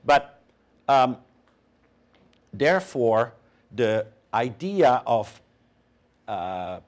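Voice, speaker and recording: Male panelist, measured and halting, animated intonation. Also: fairly low pitch. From Canada. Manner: measured, hesitant with fillers. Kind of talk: panel discussion answer.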